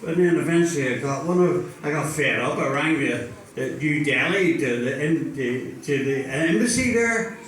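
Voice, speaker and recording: A man's voice: fairly high pitch, lively intonation, a bit bright. An older man performing a stand-up routine, telling stories with dry punchlines. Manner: storytelling, unhurried with dry punchlines. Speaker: stand-up comedian. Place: live venue with audience. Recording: echoey hall, far from mic, faint noise.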